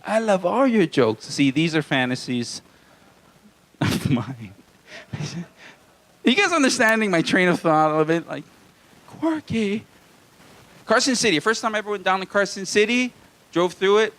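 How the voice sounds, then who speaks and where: A man's voice: high-pitched, sing-song, normal speed, fairly bright tone. A man from Hawaii doing a live stand-up routine in a small comedy venue, with crude jokes and playful banter with the crowd.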